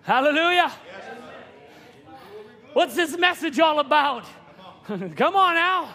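A man preaching a sermon in a church, impassioned, swinging from hushed asides to shouting. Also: very high voice, unhurried. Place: church sanctuary. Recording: long hall reverb.

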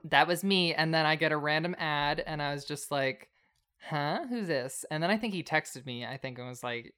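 A young man in his twenties chats casually as a podcast co-host. His voice is smooth and clean. He winds through long stories, filling them with "like" and "um". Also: fairly high pitch, a little fast, sharp tone. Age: 20s. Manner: rambling storyteller, lots of "like" and "um". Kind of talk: casual chat.

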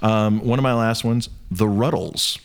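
A man's voice: on the low side, measured pace, creaky. A man co-hosting a casual chat, eagerly jumping in to add details. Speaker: podcast co-host.

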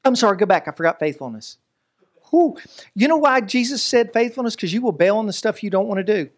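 Pastor guy preaching, high-pitched, jokey, does little voices. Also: fast. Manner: animated, joking, preacherly delivery with voices and asides. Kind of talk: sermon.

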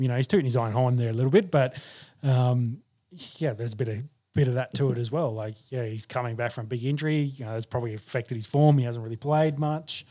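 Man, mid-pitched, relaxed sports co-host who mostly agrees. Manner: easygoing, agreeable, many fillers. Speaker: podcast co-host. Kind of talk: casual sports chat.

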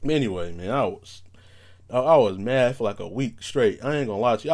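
A man hosting a podcast on his own, telling rambling stories in casual slang, his voice not yet warmed up from waking. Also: mid-range voice, fairly quick. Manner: rambling, animated storytelling with slang and restarts. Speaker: podcast host. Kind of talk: casual solo podcast monologue.

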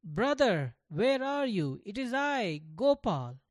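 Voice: sing-song, normal speed, no echo, natural voice. A storyteller voicing an innocent, earnest young boy in a children's storybook. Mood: calling out. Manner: pleading, high and earnest.

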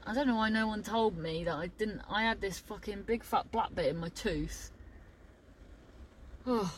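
A woman's voice: a little high, fairly bright tone, a little hiss or hum, rough recording. A woman chatting casually to camera in a rambling, sweary way, often trailing off mid-thought. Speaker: vlogger.

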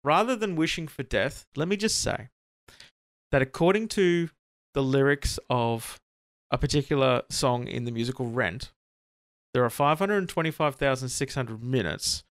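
A podcast co-host who is sick with a sore throat jokes and rambles through a casual chat, restarting often. His medium-pitched voice has lively intonation at normal speed, and the recording is dry with clean studio sound.

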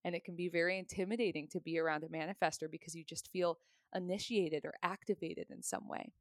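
A woman's voice: lowish voice, steady tone, fast talker, no echo, studio quality. A woman, likely in her thirties, chatting as a podcast guest, explaining ideas in a friendly, talkative way and laughing often. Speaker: podcast guest, human design reader. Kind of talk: casual podcast conversation.

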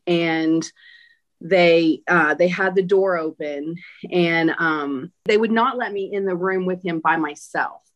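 A woman's voice: on the low side, slow, muffled recording. A woman giving an interview, retelling a personal experience emphatically with many fillers. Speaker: interview guest. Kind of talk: personal account in a conversational interview.

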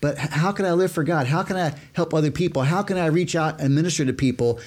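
Speaking fast in a slightly high, slightly mellow voice, this man co-hosts a conversational Bible discussion with a pastor. He's emphatic, draws on everyday illustrations, and repeats words while he talks.

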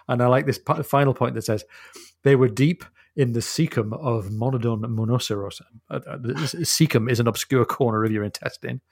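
A man's voice: mid-range voice, moderate pace, vocal fry, darkish tone, no room sound, clean studio sound. A man co-hosting a podcast, casually discussing a novel and reading passages aloud with expression, laughing often. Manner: thoughtful, reads quotes with expression, laughs often. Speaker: podcast co-host.

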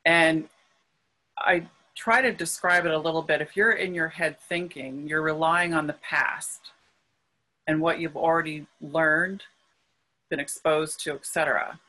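A woman guest, a spiritual healer, explaining ideas earnestly and gently in an interview. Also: deep voice, steady tone, measured pace, low-quality recording. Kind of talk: conversational interview.

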